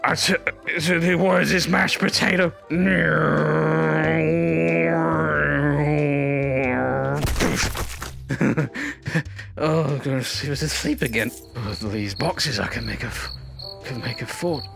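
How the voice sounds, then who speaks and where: Male gamer, slightly high, gravelly voice; rambling, theatrical, plays drunk for laughs. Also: fairly even intonation, drawn-out words, long pauses, music in the background. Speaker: VR gameplay streamer. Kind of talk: comedic VR gameplay commentary.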